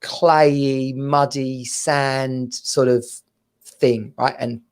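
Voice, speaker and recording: A man in his thirties co-hosting a casual chat show, telling stories in an animated way and laughing often. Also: mid-range voice, drawn-out words, clean tone. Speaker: podcast co-host.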